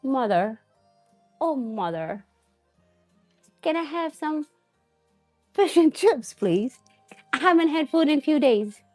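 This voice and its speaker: A woman's voice: high-pitched, lively intonation, takes it slowly, long pauses, a little mellow, no room sound, faint music behind, pitched above the performer's own voice. A woman putting on the voice of a pleading, overly polite posh British grown man begging his mother for food.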